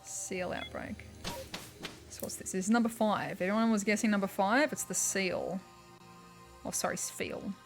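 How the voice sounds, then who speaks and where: A young woman with an Australian accent chats away while she plays a game on stream, her pitch sitting in a middle range. She rambles loosely, with plenty of "like" and "um", and faint game music plays underneath her. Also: fairly even intonation, normal speed, vocal fry, long pauses. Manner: chatty and rambling, heavy on "like" and "um". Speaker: livestreamer. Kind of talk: casual chat while playing a video game.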